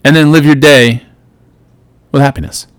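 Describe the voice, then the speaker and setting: A man's voice: mid-range voice, steady tone, moderate pace, clear, resonant tone, dry recording. Earnest man giving a motivational podcast pep talk. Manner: earnest motivational, swings loud and soft. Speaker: podcast host. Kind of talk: solo podcast monologue.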